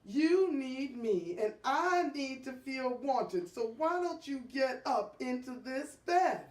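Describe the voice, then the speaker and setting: A woman playing a bold pastor's wife who speaks in a slow, coaxing way. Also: high-pitched, animated, a little mellow. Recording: echoey room from far off.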